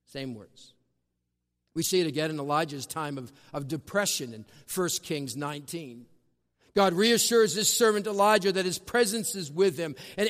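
A man preaching a sermon, swinging between loud, drawn-out emphasis and hushed asides. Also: sits high. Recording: long hall reverb.

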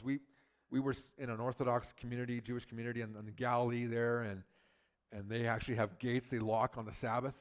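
A man's voice: mid-range voice, steady tone, fast. A man preaching in a conversational way, often repeating words and acting out the lines of the story he explains. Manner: acts out quotes from the story. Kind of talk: sermon.

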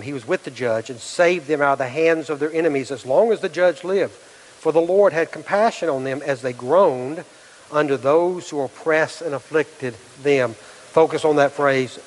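A middle-aged man preaches with earnest conviction, often stopping to ask his listeners questions and restarting his sentences. His voice sits a little high for a man. It rings out with the long reverb of a large church hall. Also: moderate pace. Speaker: pastor. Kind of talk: sermon.

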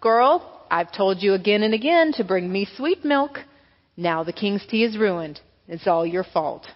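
A woman's voice: mid-range voice, expressive, a little slow. A woman voicing a huffy, exasperated castle cook. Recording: echoey hall, dull lo-fi sound.

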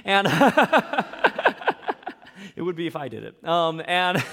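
A pastor with a fairly high, bright, pushed voice and some vocal fry preaches briskly and expressively. His sermon is conversational, with frequent tag questions to check in with listeners and playful asides.

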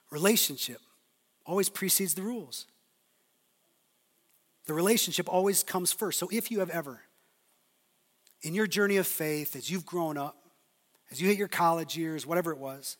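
High-voiced preaching man in a hall. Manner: animated preaching, swings from loud emphasis to quiet intimate asides. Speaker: pastor. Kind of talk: sermon. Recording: long reverb of a large hall.

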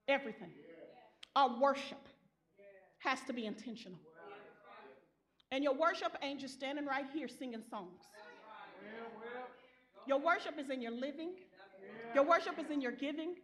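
Delivering a fervent sermon, this woman preacher alternates hushed, low-pitched passages with rising, forceful calls.

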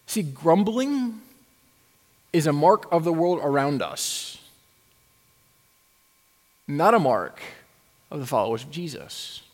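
A pastor preaching a sermon in a conversational way, with rhetorical questions and wry asides. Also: male voice, fairly high pitch, very animated, slow pace, long pauses. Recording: long hall reverb.

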